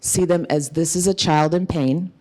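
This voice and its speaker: A woman's voice: lowish voice, normal speed, darkish tone. A middle-aged woman giving an earnest, emphatic conference talk as an author, telling a personal story. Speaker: author and speaker.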